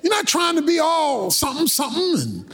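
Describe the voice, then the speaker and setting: A male preacher delivering a sermon in an animated, colloquial style, breaking into shouted bursts. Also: extremely high pitch, fairly quick.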